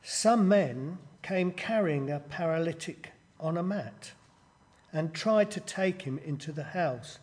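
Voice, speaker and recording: A man reads a Bible passage aloud in church at an unhurried pace. His voice sits a little high for a man. He reads steadily and deliberately. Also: a little mellow. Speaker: scripture reader.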